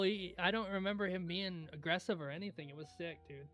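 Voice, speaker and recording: A young man hosting a livestream in casual chat, laid-back and rambling into stories, often clearing his throat. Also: sits high, fast, few pauses, fairly bright tone. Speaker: livestream host.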